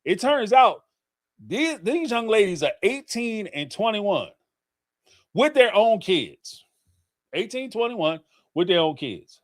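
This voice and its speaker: Middle-aged male host with a lively, high voice, theatrical and laughing in casual commentary. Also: slow pace, pauses often. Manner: animated, theatrical, laughing storyteller. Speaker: host of a call-in livestream.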